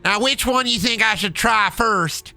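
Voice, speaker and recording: A man's voice: sits high, unhurried, creaky, pushed and bright, faint music behind, pitched above the performer's own voice, heavily acted. A man doing a brash, hollering Southern soda guzzler.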